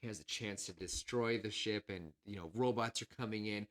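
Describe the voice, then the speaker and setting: A man co-hosting a podcast, rambling and excitable as he acts out scenes in casual chat. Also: on the low side, fairly quick. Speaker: podcast co-host.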